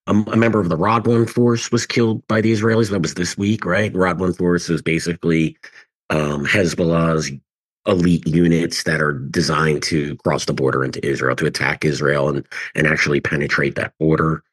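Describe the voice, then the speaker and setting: A man hosting a podcast interview, talking through analysis with pauses as he thinks aloud. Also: very deep voice, fairly even intonation, breathy edge. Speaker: podcast host. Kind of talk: conversational commentary.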